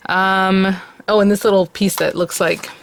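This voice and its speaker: A woman's voice: mid-range voice, little pitch movement, unhurried, gravelly. A woman hosting a craft tutorial, chatting casually and thinking aloud as she works.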